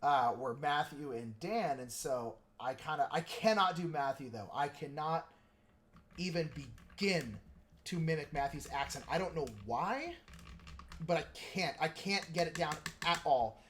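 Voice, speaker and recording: A man's voice: a little high, lively intonation, measured pace, a bit bright, slight background noise. A man hosting a casual livestream, talking in a rambling, joking way with plenty of filler words. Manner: joking, self-mocking. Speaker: livestream host painting miniatures.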